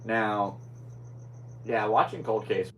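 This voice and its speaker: A young man talks his way through a casual solo podcast, drifting from one thought to the next. His voice sits on the low side. A faint hum runs quietly behind him. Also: takes it slowly, low-quality recording. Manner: rambling, scatterbrained. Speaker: podcast host.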